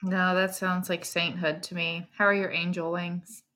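A woman's voice: lowish voice, little pitch movement, moderate pace, sharp tone. A woman and new mother chatting casually on a podcast, with lots of fillers.

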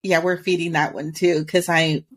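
A woman's voice: sits low, flat delivery, moderate pace, breathy edge. A woman co-hosting a podcast in casual chat, talking readily and laughing often. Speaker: podcast co-host.

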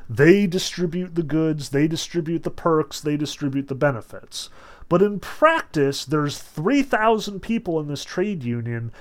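A man giving a casual literature lecture, often saying "notice" and "like" and reading passages from a novel aloud. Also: a little high. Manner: chatty, lots of "like" and "notice", reads passages aloud.

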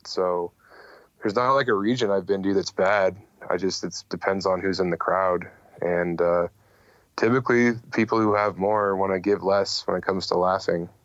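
A man's voice: sits low, fairly even intonation, moderate pace, a bit bright, no echo. A man who does stand-up comedy, talking candidly and rambling a little in a casual podcast chat, swearing freely. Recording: dull dry lo-fi audio.

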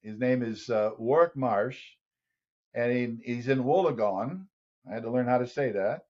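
A male podcast guest tells an animated story and slips into other people's voices along the way. His pitch is middling, and the recording sounds a little dull and lo-fi. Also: moderate pace. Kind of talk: storytelling in an interview.

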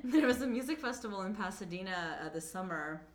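A woman co-hosting a podcast, chatting in an animated way and saying "like" often. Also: medium pitch, a little fast, reverberant. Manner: animated, heavy use of "like". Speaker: podcast co-host. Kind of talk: casual chat.

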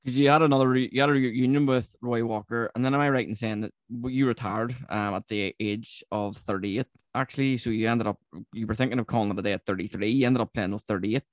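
Fast-talking male host. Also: mid-range voice, fairly even intonation, no room sound, dull audio. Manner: prompting with short questions and asides. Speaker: podcast host. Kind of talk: casual interview questions.

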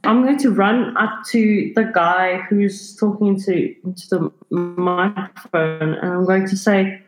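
A woman's voice: medium pitch, fairly even intonation, slow pace, soft background music. A woman playing a tabletop game, describing her character's actions in a casual way. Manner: casual, says like often. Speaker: player. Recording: roomy echo.

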